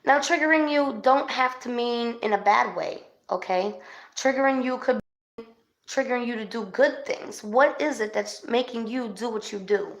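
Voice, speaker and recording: A woman doing a casual livestream spirit session as a psychic reader, chatty and excitable, calling her viewers babes. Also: fairly high pitch, moderate pace, muffled recording. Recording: echoey room.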